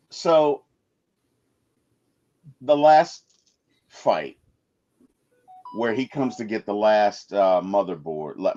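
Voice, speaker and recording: A man's voice: lowish voice, muffled recording. A man co-hosting a casual movie review chat, leading the talk with questions and plenty of fillers. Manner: animated, prompting questions, many fillers. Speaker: co-host of a movie review podcast.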